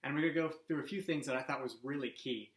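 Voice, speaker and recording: A man's voice: mid-range voice, fast talker. A young adult man hosting a casual movie review, enthusiastic and chatty with loose fillers. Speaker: host. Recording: echoey room with faint hum.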